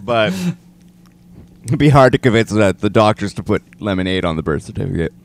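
A man hosts a casual podcast conversation. He is playful and teasing and jumps in with quick questions. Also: fairly low pitch, expressive, slight background noise. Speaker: podcast host. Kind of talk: casual chat.

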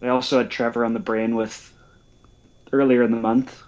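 A man's voice: mid-range voice, flat delivery, normal speed, darkish tone. Male co-host, dry and prompting, dull lo-fi sound. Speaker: podcast co-host and coach. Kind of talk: casual chat.

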